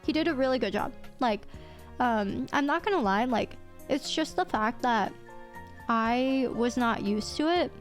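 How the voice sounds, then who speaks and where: A young woman streamer telling stories in casual chat, animated, laughing often and swearing casually. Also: a little high, measured pace, faint music behind.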